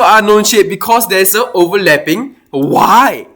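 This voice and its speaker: Guy teaching math, super expressive pitch, lots of oh and eh while he works it out. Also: normal speed, hardly any pauses. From Singapore. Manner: animated, thinking aloud with exclamations. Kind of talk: explaining a worked math problem.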